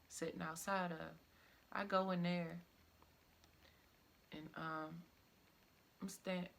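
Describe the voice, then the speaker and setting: A woman's voice: lowish voice, vocal fry. A young woman telling a personal story in a loose, rambling way, with plenty of "like" asides. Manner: casual, rambling, full of "like" and "I'm like" asides.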